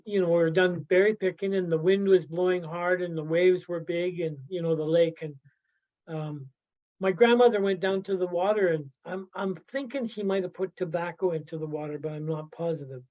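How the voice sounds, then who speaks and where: A man's voice: high voice, a little mellow. Guy from the yukon telling stories over a video call, keeps saying right? and you know, kinda dull audio. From Yukon, Canada. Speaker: workshop storyteller. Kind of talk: personal storytelling talk.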